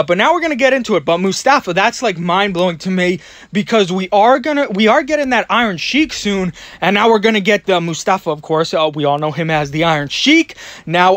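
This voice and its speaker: A man talking excitedly and out of breath in a rambling voiceover about toys, repeating himself as he goes. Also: high voice, no echo. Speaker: toy collecting vlogger.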